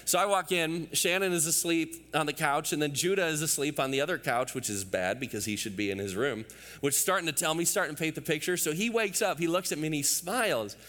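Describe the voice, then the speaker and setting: A man's voice: fairly high pitch, a little fast, a bit bright, in a large hall. A man in his thirties preaching a sermon as pastor, emphatic and building through repeated phrases, with asides to the congregation.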